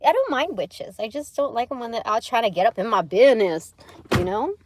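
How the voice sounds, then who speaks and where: A woman's voice: a little high, very animated, fairly quick, darkish tone, no room sound. A young adult woman chatting casually on a spiritual livestream, rambling, laughing often and swearing lightly as she reads tarot cards.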